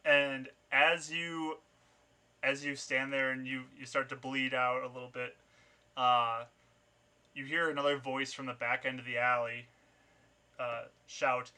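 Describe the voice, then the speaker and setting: A man running a tabletop game as game master, narrating scenes in a loose, chatty way. His voice is very bright and forward. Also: medium pitch, little pitch movement, unhurried, pauses often. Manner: loose, conversational narration with fillers.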